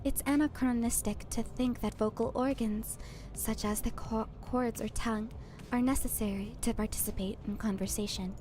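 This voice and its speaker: A woman voicing a calm, precise guide who explains things in a measured way. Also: on the high side, a little hiss or hum, natural voice. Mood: composed.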